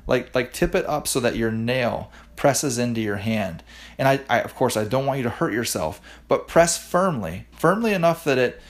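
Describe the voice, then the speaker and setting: A man preaching a devotional podcast sermon, earnestly guiding listeners through a hands-on exercise, often restarting his words. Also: mid-range voice. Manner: frequent restarts and repeated words. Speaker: pastor. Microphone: podcast microphone.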